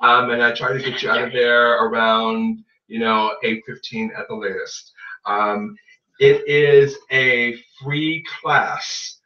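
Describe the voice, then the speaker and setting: A man's voice: mid-range voice, steady tone, slow pace. A man hosting a casual podcast as a tarot reader, playful and joking as he plugs his readings. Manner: playful, joking, self-promoting. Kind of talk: casual chat. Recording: roomy, distant, dull lo-fi sound.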